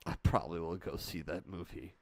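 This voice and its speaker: A man's voice: sits low, fairly even intonation, brisk, gravelly. A man hosting a livestream, casually reacting to wrestling in a playful, teasing way. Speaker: livestream host. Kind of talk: casual wrestling watch-along commentary.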